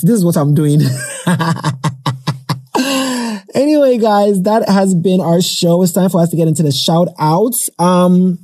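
A man's voice: sits high, warm tone. A man hosting a podcast in a chatty, playful way, cheerfully plugging the show. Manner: chatty, playful, self-promoting. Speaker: podcast host. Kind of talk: casual podcast chat.

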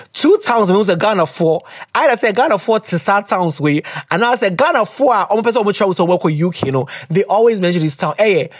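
A young woman hosts a podcast in a loose, chatty style, reading out listener letters. Her pitch bounces around a lot as she laughs, goes off on tangents and drops in Twi slang. The recording is close and dry, with no room sound. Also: breathy edge, dry recording. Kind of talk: casual chat.

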